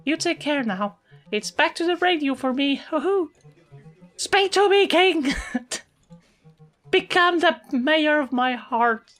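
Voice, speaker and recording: Woman putting on a syrupy, high-voiced old busybody. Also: lively intonation, takes it slowly, long pauses, a bit bright, faint music behind, exaggerated voice. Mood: sweetly cheerful. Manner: syrupy, condescending, calls everyone sweetie. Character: sugary, sharp-tongued older woman coworker. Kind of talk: voicing game dialogue in a let's play.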